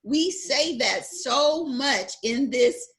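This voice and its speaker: A woman's voice: high-pitched, lively intonation, very slow, fairly bright tone. A woman hosting a casual faith conversation, talking earnestly and emphatically, urging her listeners. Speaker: host.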